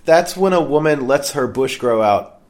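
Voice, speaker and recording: Animated, bawdy woman joking on a podcast. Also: a bass voice, moderate pace. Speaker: podcast co-host. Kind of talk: casual chat.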